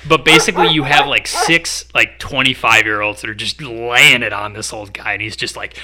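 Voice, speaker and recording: Podcast co-host: young guy, bright and tense-sounding, loose rambling anecdote. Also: mid-range voice, expressive, normal speed. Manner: rambling storyteller, filler-heavy. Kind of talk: casual chat.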